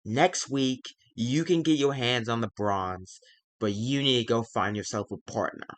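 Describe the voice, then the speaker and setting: A man's voice: mid-range voice, natural voice. A man doing a weary, stammering show boss. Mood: businesslike. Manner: halting, stammering. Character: weary male wrestling show boss, sighing. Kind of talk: casual voice acting while narrating a game.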